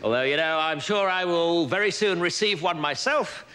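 A bitter, sarcastic actor. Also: male voice, on the high side, moderate pace. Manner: stiffly polite, barbed and sarcastic. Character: bitter, jealous male actor accepting a rival's award. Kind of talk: live stage sketch, acceptance speech. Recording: live stage recording with loud hiss.

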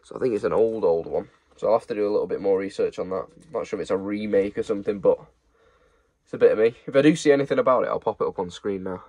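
A man's voice: lowish voice, quick pace, a little mellow, no echo. A young man, casually showing off secondhand football shirts he is reselling, in a chatty, rambling way. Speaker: online reseller. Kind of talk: casual haul chat.

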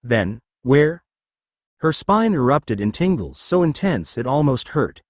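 A man's voice: medium pitch, dry recording, clean studio sound. A man narrating a fan story in a dramatic, scripted reading.

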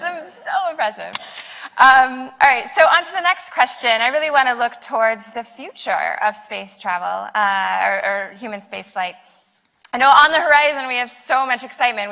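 A woman's voice: a little high, bright, forceful tone. A woman moderating a panel, enthusiastic and upbeat. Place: conference hall. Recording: echoey hall.

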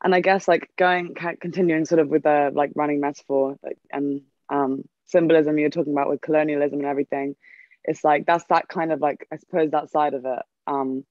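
A woman's voice: sits low, fairly even intonation, fairly quick, no echo, highs cut off. A woman in the film's cast answering on a Q&A panel, rambling casually with many fillers and restarts. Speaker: film cast member on a Q&A panel.

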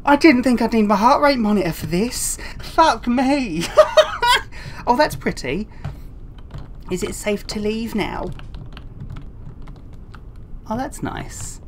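A woman's voice: medium pitch, expressive, a little slow, pauses often, a little hiss or hum. A young woman commentating a horror game, jumpy and swearing when scared, with dry asides. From England. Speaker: gaming YouTuber. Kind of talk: let's play commentary.

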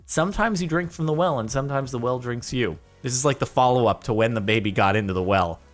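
A man's voice: medium pitch, quick pace, soft background music. A man giving casual, rambling, joking commentary while reacting to videos. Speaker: vlogger.

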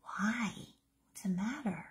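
A woman acting as a nurturing mother, with a soft, reassuring way of speaking. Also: medium pitch, animated, takes it slowly. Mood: soothing. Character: gentle, nurturing mother comforting her child.

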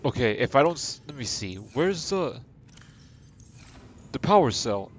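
A man's voice: medium pitch, big pitch swings, measured pace, slight background noise. A young man streaming a video game live, chatting to his viewers in a rambling, playful, self-deprecating way. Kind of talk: casual live-stream chat while gaming. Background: game music.

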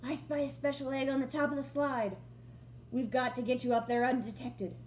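A woman's voice: high voice, little pitch movement, a little mellow, slight background noise, close to an everyday voice. A woman voicing an eager farm rooster on a secret mission, in a storybook reading. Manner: quick and eager. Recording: roomy echo.

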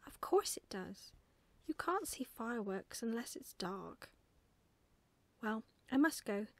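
A woman's voice: fairly high pitch, big pitch swings, slow pace, dry recording, exaggerated voice. A woman whispering as an eager little boy. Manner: chatty, eager, breathy whisper. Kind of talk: whispered role-play.

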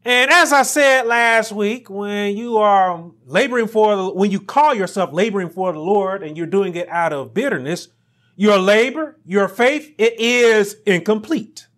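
A man preaching a sermon as pastor, building to emphatic peaks and dropping to quiet asides. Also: sits high, measured pace.

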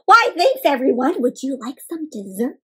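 A touchy storybook raccoon with a sweet tooth, as a woman reads him aloud. He talks in a slightly raised, defensive tone and has a lively lilt. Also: high-pitched, normal speed. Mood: friendly. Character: sad, self-conscious male raccoon who loves cakes.

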